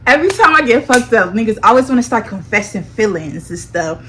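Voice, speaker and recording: A young woman telling a personal story to her viewers in a dramatic, animated, slang-heavy way, often calling them y'all. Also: fairly high pitch, a little fast. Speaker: storytime vlogger. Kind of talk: casual storytelling.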